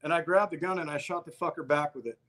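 A man's voice: a little high, fast, a bit bright. Blunt, profane man telling a story. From Albuquerque, New Mexico. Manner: profane, blunt, acts out quoted exchanges. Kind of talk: casual storytelling in conversation.

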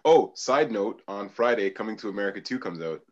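A man co-hosting a podcast, dropping playful quick remarks in casual chat. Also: lowish voice, expressive, muffled recording.

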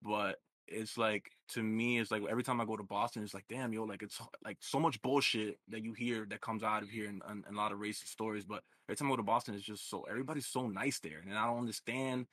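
Forceful low-voiced man, rambling chat. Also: fairly even intonation, quick pace, hardly any pauses, no echo. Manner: rambling, full of "like" and "you get me". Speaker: podcast co-host. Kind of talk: casual sports chat.

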